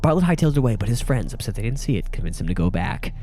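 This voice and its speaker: A man's voice: mid-range voice, very fast, a little hiss or hum. A man co-hosting a casual podcast, telling a story with jokes and silly voices. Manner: animated, jokey storyteller doing silly voices. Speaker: podcast co-host. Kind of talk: casual chat.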